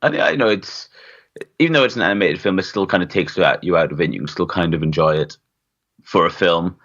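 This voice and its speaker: A man's voice: low voice, fairly quick, fairly bright tone, muffled recording. A man co-hosting a podcast, laid-back and hesitant, with many fillers. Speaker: podcast co-host. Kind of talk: casual podcast chat.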